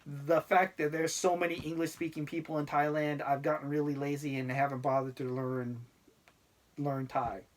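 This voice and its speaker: A man's voice: fairly high pitch, level tone, normal speed. Laid-back rambling male expat. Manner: rambling, many fillers and restarts; laid-back, self-deprecating. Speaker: expat vlogger. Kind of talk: casual talk to camera.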